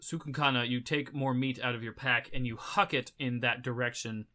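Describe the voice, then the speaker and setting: Give me a male game master with a bright voice, setting scenes slowly and vividly. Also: mid-range voice, steady tone. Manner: vivid, measured scene description. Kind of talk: narrating a tabletop game.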